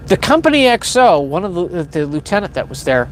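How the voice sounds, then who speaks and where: A man's voice: high-pitched, very animated, a little fast, a little hiss or hum. A man hosting a livestream, telling a long story in a casual, rambling way, correcting himself and chuckling often. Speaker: livestream host. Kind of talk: casual spoken storytelling to a live chat.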